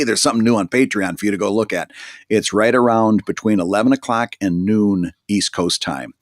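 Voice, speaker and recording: A man's voice: on the low side, no echo, studio quality. A man co-hosting a casual podcast about making comics, chatty and good-natured, talking through his ideas with frequent restarts. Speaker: podcast co-host.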